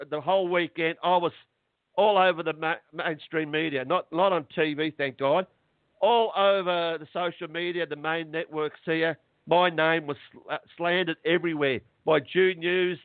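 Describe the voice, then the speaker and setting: A man's voice: on the high side, smooth, no room sound. Agitated man on a tinny phone line. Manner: agitated, halting, repeats words. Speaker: interview guest. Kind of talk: phone interview.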